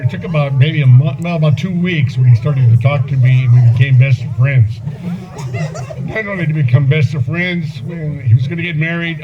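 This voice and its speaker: A man in his seventies giving a eulogy for an old friend at a memorial gathering, rambling through anecdotes with chuckles and fillers. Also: fairly high pitch. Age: 70s. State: voice breaking with emotion at times. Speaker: eulogy speaker, old friend and former police partner. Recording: muffled event recording with loud background noise.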